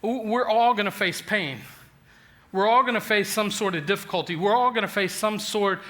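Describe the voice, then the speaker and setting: A man in his forties preaching a sermon, telling a funny personal story with lively self-deprecating humor and frequent restarts. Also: high-pitched, normal speed. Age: 40s. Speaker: pastor.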